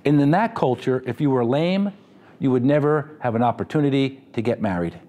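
A man's voice: medium pitch, lively intonation, a little fast, mellow. A man preaching a sermon in a conversational, humorous style, with asides to the congregation. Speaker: pastor.

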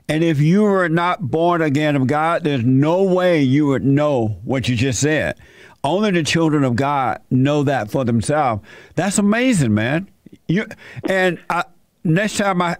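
A man's voice: fairly high pitch, dry recording. A man hosting a call-in show, affirming his caller with enthusiasm. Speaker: radio show host.

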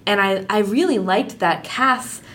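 Woman co-host, casual book chat, lively and laugh-prone, mid-range voice. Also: medium pitch, measured pace. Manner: animated, laughs often, hedges with "like". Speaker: podcast co-host.

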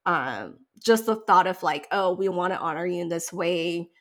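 A woman in her thirties in casual chat, telling a long story in a lively way, full of likes and you-knows. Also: lowish voice, moderate pace. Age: 30s.

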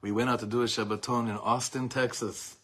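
Husky middle-aged rabbi chatting to a small group, laughs a lot, tosses in hebrew and yiddish words. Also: male voice, mid-range voice, a little fast. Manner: animated, rambling storytelling with frequent laughter. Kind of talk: informal Torah talk to a small group.

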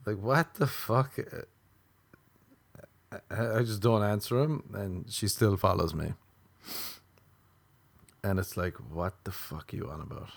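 Sardonic low-voiced man ranting. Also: slow pace, gravelly, pauses often, no room sound. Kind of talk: casual monologue.

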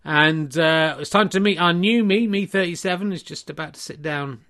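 A man's voice: fairly high pitch, moderate pace, sharp tone. A middle-aged man hosting a comic solo podcast, rambling and self-mocking, with many restarts. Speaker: podcast host and comedian.

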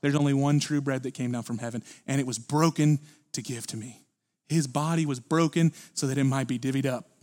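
A man preaching a sermon at a church service, earnest and building to forceful emphasis. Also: mid-range voice, steady tone, brisk. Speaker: pastor.

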